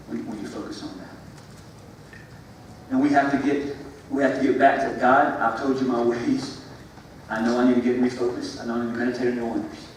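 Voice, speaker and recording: A man preaching to middle schoolers, animated and repetitive, swinging between loud exclamations and hushed, earnest passages. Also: medium pitch. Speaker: youth pastor. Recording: echoey room from far off, faint ambient noise.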